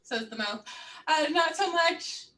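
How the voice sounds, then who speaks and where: A woman hosting a livestream who reads out viewer questions briskly and keeps the show moving. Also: high voice, expressive, bright, forceful tone. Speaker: host reading viewer questions.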